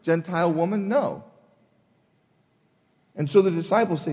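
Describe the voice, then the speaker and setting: A man preaching a sermon, emphatic and animated, acting out the people in his retelling. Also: a little high, moderate pace, long pauses, long reverb tail. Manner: emphatic, acts out voices in retelling. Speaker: pastor.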